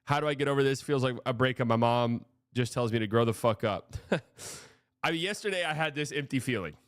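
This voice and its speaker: A man with a mid-range, clear, resonant voice talks a little fast in studio-quality audio with no echo. Hosting a casual live stream, he rambles frankly through sports news, swearing often and restarting sentences.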